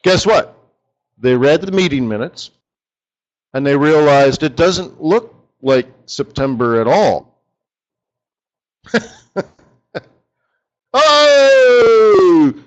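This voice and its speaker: A man's voice: mid-range voice, expressive, takes it slowly, pauses often, muffled recording. A man leading a live forex strategy session, chatty and joking, talking straight to his viewers.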